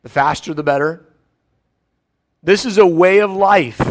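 A middle-aged man, preaching a sermon in a conversational way with quiet asides. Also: high voice, measured pace, long pauses, slight background noise. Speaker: pastor.

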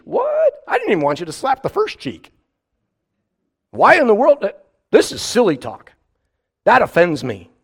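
A man preaching a sermon in an animated way, acting out mock voices and firing rhetorical questions. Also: fairly high pitch.

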